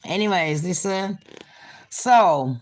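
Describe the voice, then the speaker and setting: A woman's voice: on the low side, animated, takes it slowly, darkish tone. A woman giving a sweary, mocking commentary vlog, laughing at her own jokes. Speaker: commentary vlogger.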